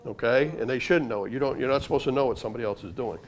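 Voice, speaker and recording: An older former undercover agent, now an author, entertains a library audience with stories, keeping things punchy and conversational. His mid-range voice comes out rapid-fire.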